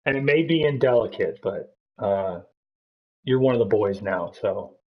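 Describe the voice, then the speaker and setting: A man's voice: fairly low pitch, animated, a little slow, phone-quality sound. A man chatting casually and teasing others on a sim racing broadcast, laughing often.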